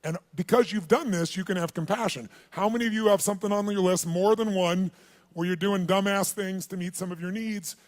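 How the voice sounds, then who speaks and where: Brief: a man with a high voice, a seminar speaker who tells a story with energy and gets the room to answer. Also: a little fast. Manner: animated, calls on the audience, acts out dialogue. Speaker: motivational speaker.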